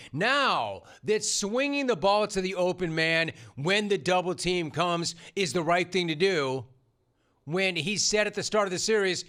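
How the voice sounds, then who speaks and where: A middle-aged sports radio host with a high, sharp voice delivers an opinionated monologue on his talk show. His style is punchy and sarcastic.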